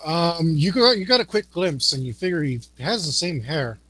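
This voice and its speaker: A man's voice: a little high, lively intonation, moderate pace, fairly bright tone, poor audio. A man narrating and running a tabletop horror game as game master, teasing his players.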